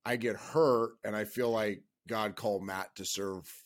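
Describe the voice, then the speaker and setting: A man's voice: on the low side, unhurried. A man in his fifties and former pro quarterback, telling stories earnestly in casual conversation. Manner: earnest, animated storyteller.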